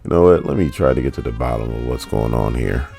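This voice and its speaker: A man's voice: extremely low pitch, animated, fast, gravelly, warm tone, soft background music, voice pushed down, full character voice. A man voicing Spider-Man as a quippy young hero. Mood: wry.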